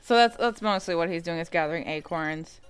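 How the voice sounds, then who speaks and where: A woman's voice: on the low side, brisk, clean tone. A woman hosting a let's-play, chatting casually and joking through the game. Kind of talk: casual gameplay commentary. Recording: faint game music behind.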